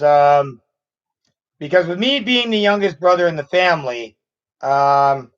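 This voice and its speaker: A man's voice: fairly high pitch, highs cut off. A man in his thirties chatting casually as a host answering viewer questions, rambling with restarts. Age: 30s. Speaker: channel host. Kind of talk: casual live Q&A chat.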